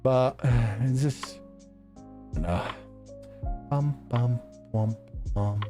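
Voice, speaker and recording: A man chatting casually on a livestream, jokey and quick to laugh as he reads out donations. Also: medium pitch, over music. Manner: animated, laughs often, jokey. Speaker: streamer.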